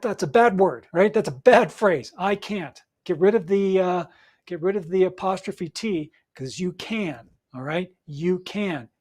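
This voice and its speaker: A middle-aged man hosting a solo podcast as an audiobook coach, giving motivational advice and checking in with frequent "right?". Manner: encouraging, repeats points with frequent "right?" and "all right?"; acts out nervous clients in a higher, louder voice.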